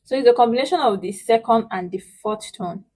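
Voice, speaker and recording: The audio is poor in this online lesson where a woman with a slightly high voice teaches spoken Chinese in English. She explains patiently and demonstrates syllables slowly, loudly, and with emphasis.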